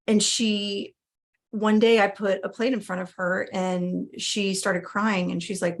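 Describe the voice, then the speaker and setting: Chatty mother telling her story. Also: medium pitch. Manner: conversational with many fillers and restarts. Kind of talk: casual personal storytelling.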